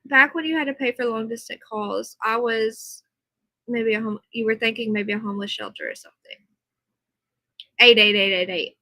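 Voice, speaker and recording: At home, a woman live streams on her computer mic with an earbud in for monitoring, reading a news report aloud and then chatting with viewers. She breaks off into animated, chatty asides at a slightly quick pace. Her voice is a bit high, crisp and bright, and the sound is close and dry with no echo.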